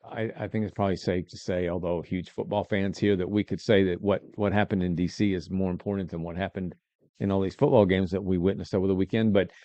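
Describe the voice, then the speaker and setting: Low mellow-voiced host. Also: male voice, little pitch movement, fast talker, dry recording, muffled recording. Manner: easygoing, rambling, restarts often. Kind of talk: casual local talk show chat.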